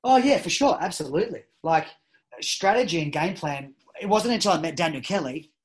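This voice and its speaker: A man's voice: a little high, a little fast, slightly rough, poor audio. A man, a judo coach, talking casually and energetically in a podcast interview, with frequent restarts. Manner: energetic, animated storytelling with many restarts. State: a parent at home. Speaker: judo coach and former Olympian, guest.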